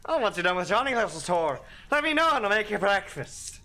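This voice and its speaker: A man's voice: sits high, big pitch swings, fairly quick, sharp tone, voice pushed up, full character voice. A man doing a doting Scottish cook lady. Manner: doting and coaxing, with comic menace. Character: cheery Scottish woman cook at a monster school, cannibal-friendly.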